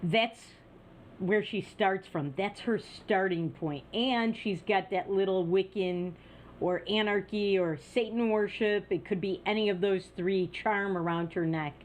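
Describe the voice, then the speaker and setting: A woman's voice: mid-range voice, measured pace, a little hiss or hum. A woman hosting an opinion news show, talking in a scornful, sarcastic way. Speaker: news commentary host. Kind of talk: opinion commentary.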